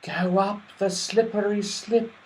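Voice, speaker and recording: Male reader voicing the whispering trees of a storybook wood, hushed and airy. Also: high-pitched, little pitch movement, slow, a little hiss or hum, pitched above the performer's own voice. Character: whispering ancient forest trees.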